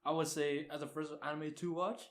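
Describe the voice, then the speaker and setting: A young man with a slightly raised pitch joins a casual podcast chat. He asks follow-up questions and offers sincere recommendations in a relaxed way. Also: a little fast. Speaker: podcast co-host.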